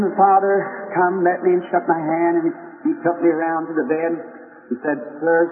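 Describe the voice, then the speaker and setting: A man's voice: a little high, phone-quality sound, a little hiss or hum. A man preaching an earnest, rambling storytelling sermon, calling his listeners friends, in an old 1940s recording from a meeting hall. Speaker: evangelist preacher.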